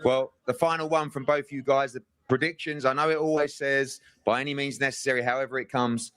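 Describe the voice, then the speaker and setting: Upbeat interviewer at a presser. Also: male voice, mid-range voice, fairly even intonation, crowd noise. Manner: brisk, upbeat prompting.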